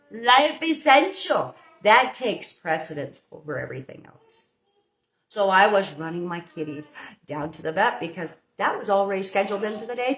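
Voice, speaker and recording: A woman's voice: medium pitch, fairly bright tone. A woman hosting a live baking stream, giving viewers a chatty, motherly pep talk in her home kitchen. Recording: roomy echo.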